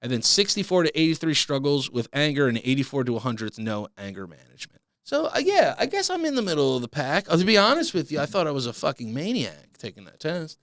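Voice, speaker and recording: A man riffs through a solo podcast in loose, self-mocking chatter peppered with curses. His pitch jumps up and down with lively energy. The sound is dry and close, with no room around it. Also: fast talker, hardly any pauses, dry recording. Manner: animated, swearing, self-mocking. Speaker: podcast host. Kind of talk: casual solo podcast monologue.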